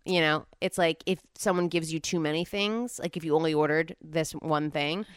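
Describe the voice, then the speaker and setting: A woman's voice: sits low, steady tone, normal speed, smooth, no echo, studio quality. A woman in her thirties from New Jersey, co-hosting a casual podcast chat with playful, teasing banter. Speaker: podcast co-host.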